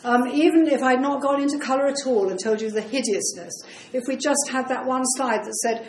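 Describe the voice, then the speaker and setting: A woman giving a lecture on dementia care, brisk and explanatory with frequent ums. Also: high-pitched, slight background noise. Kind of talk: lecture talk to an audience. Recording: roomy echo.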